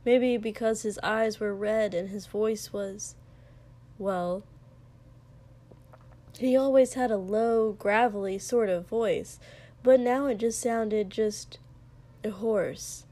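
A woman narrates a story aloud in an unhurried, measured way. Her mid-range voice stays even as she moves through the prose. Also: mid-range voice. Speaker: reader. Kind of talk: reading fiction aloud.

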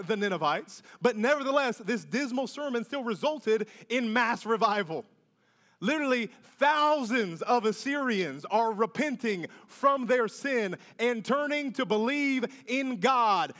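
A man's voice: high-pitched, a bit bright. A male pastor preaching a sermon in a church, with conversational asides and questions to the congregation. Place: church sanctuary. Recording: long reverb of a large church hall.

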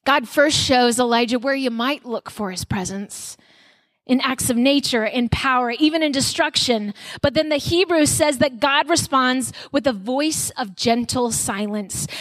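A woman speaker giving a conversational sermon to mothers at a conference, telling personal stories with animated delivery. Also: fairly high pitch, no echo. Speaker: mother of young children.

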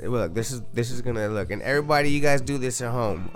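A man co-hosting a casual podcast chat, laid-back and slangy, swearing freely and sounding high. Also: animated, fast talker, soft background music. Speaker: podcast co-host.

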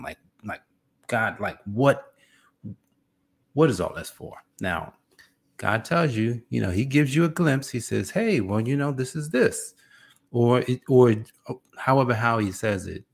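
Gravelly man preaching in a casual, animated way. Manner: animated, swings between low mutters and high excited outbursts. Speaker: preacher and podcast host. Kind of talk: casual devotional talk.

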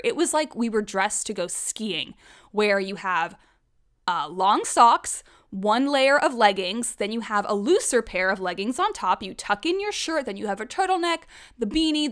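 A young woman hosting an astrology podcast, telling weekend stories in a chatty, animated way with some swearing. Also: a little high, a little slow. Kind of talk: casual chat.

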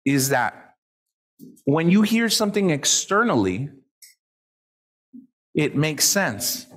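A male motivational speaker addressing a live crowd, his voice riding high and swooping with lively pitch. He talks loose and profane, switching into the voices of people he quotes. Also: slow pace. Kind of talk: live motivational talk to an audience.

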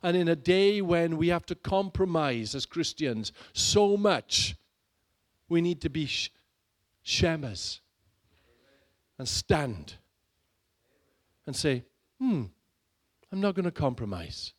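Brief: man, middle-aged, church sermon, fairly high voice, theatrical loud-soft delivery. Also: sing-song, slow pace, long pauses. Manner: dramatic, swings between loud urging and hushed low lines. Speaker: pastor.

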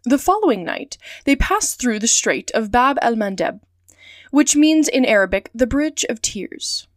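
A woman reads a classic adventure novel aloud for her story podcast, clear and steady from line to line. Her voice sits a little high, and the sound is close and dry. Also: moderate pace, no room sound.

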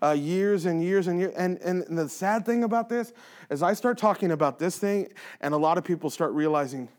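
A man's voice: high-pitched, expressive, fairly quick, a little mellow. A man who leads in a church, talking earnestly and emphatically in a casual faith conversation, repeating phrases for stress. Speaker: church leader.

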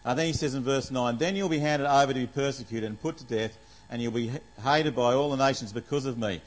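A man's voice: medium pitch, quick pace, poor audio. A man preaching a conversational sermon, reading scripture aloud and asking the congregation questions along the way. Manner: conversational, asks the congregation questions, many fillers.

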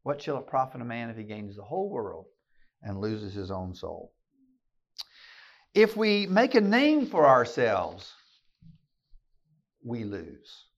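A man's voice: mid-range voice, sing-song, slow, pauses often. Emphatic man preaching a keynote. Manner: emphatic, repeats phrases, folksy asides. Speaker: speaker at a men's gathering. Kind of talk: sermon-style keynote. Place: live talk to an audience. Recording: slightly dull lo-fi recording.

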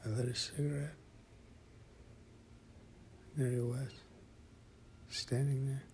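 A man narrating a first-person horror story in a slow, hushed voice that often drops to a whisper. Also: medium pitch, little pitch movement, gravelly, slight background noise.

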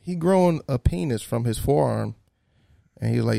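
A man's voice: medium pitch, animated, normal speed, vocal fry, warm tone, no echo, studio quality. A man co-hosting a casual podcast chat, laid-back, bringing up stories straight from the headlines. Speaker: podcast co-host.

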